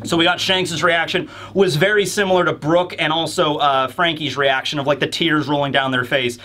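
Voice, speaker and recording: A man's voice: on the high side, fairly even intonation, moderate pace, pushed and bright. A man hosting a manga review who talks in an emphatic, insistent, joking way. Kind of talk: casual commentary video.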